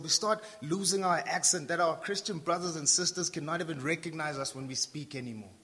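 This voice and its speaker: Male pastor from South Africa, slightly high, forceful sermon delivery, reverberant hall. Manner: emphatic preaching with repetition and humor.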